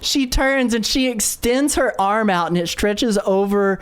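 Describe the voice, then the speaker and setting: A man's voice: sits high, unhurried, clean tone. Man narrating a tabletop game, lots of ums. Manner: loose, filler-heavy storytelling. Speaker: game master.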